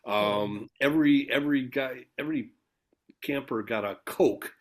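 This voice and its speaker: A man's voice: medium pitch, a little slow. A man hosting a podcast, prompting his guest and laughing along in casual conversation. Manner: friendly prompting, laughs often. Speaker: podcast host. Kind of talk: casual interview chat.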